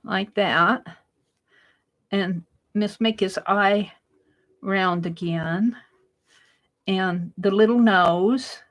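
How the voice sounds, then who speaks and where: A woman hosting a casual craft livestream, chatting and laughing at her own drawing as she works, sometimes dropping to a soft murmur. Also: mid-range voice, very slow, pauses often, low-quality recording.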